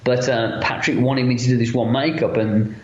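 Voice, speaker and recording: A man's voice: mid-range voice, moderate pace. A chatty man, a makeup effects artist, telling film-set stories in a casual interview and acting out the lines of other people. His voice sits in a middle range. The recording sounds roomy and a little dull. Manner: chatty and animated, acts out quotes of other people.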